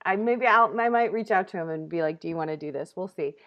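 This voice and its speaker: A woman hosting a casual comedy talk show, telling stories with lively energy and acting out quotes. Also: lowish voice, fast talker, muffled recording. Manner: animated storytelling, acts out quotes loudly.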